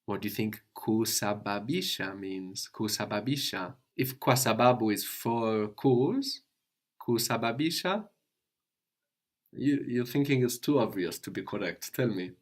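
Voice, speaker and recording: A man's voice: lowish voice, a little slow. A man teaching a language lesson, patiently explaining step by step and asking his student questions.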